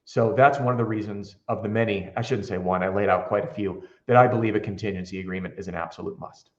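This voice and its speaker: A man's voice: on the low side, steady tone, quick pace, reverberant, highs cut off. A man who trains roofing salespeople tells candid stories with energy in a casual interview, acting out the dialogue he quotes.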